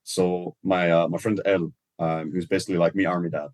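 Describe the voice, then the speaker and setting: A man's voice: sits low, flat delivery, brisk, darkish tone, no echo. A man with an Irish accent, a podcast guest chatting casually and rambling easily through his explanations.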